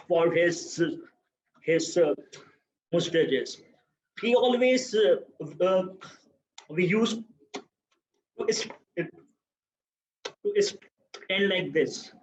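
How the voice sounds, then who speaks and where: A young man in his twenties with a Pakistani accent gives a prepared speech at a speaking club, often repeating words as he searches for the next phrase. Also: sits high. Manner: halting, repeats many words while searching. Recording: echoey, muffled room recording.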